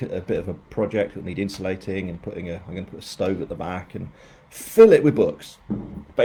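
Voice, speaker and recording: A man's voice: low-pitched, gravelly, warm tone, husky. A man, an author chatting casually on a live stream, rambling and poking fun at himself. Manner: rambling, self-mocking.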